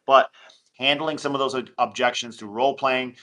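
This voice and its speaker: A man with a bright, forceful voice talking shop on a casual group call. He is animated and slips into quick impressions of callers as he talks. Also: medium pitch. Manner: animated, acts out phone calls in quick voices. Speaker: real estate investor.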